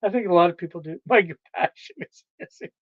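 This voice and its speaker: A woman's voice: on the low side, fast talker, breathy edge, no echo. Lady streamer just chatting w viewers, rambly, giggles a lot, kinda muffled dry audio. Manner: rambling, laughs often. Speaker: livestream host. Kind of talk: casual chat with viewers.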